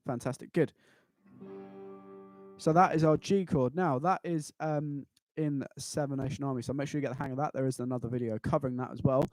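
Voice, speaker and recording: A man's voice: medium pitch, fairly even intonation, fairly quick, a little mellow, no room sound. A man teaching a live online guitar lesson, patiently walking students through chords and cheering them on. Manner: encouraging, patient, counts students in; chants rhythm syllables in time. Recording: guitar playing behind voice. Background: acoustic guitar.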